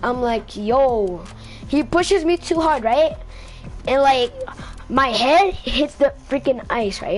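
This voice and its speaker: Faint music plays behind a woman whose high voice is animated but slow. She tells a rambling, repetitive storytime into a close mic, asking "right?" after most of her lines.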